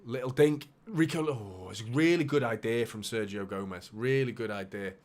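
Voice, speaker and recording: A man hosting a live football watchalong, calling the play with bursts of excitement and muttered asides. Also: mid-range voice, moderate pace. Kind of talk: live match commentary for a fan watchalong.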